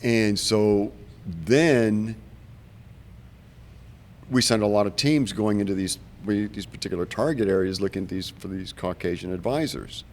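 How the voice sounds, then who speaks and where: A man's voice: on the low side, unhurried, a little hiss or hum. A man in his seventies, a veteran guest on a podcast, telling stories in a casual way and acting out the voices of the people he quotes. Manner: animated, acts out quoted voices. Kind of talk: casual storytelling.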